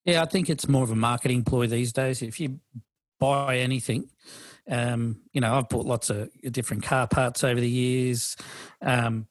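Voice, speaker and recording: This middle-aged podcast co-host has a medium-pitched voice with fairly even intonation and a normal speaking speed, recorded dry. His casual chat rambles, packed with fillers and restarts.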